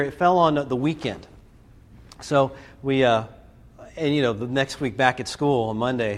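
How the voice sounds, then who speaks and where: A man giving a storytelling talk to a student audience, animated and acting out scenes and voices. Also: mid-range voice, slight background noise. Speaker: speaker addressing students. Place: live talk to a group.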